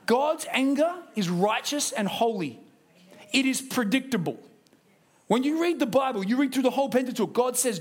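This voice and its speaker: With a very high-pitched voice, this Australian man gives a sermon at church in a lively, conversational way, slipping into quick impressions as he goes.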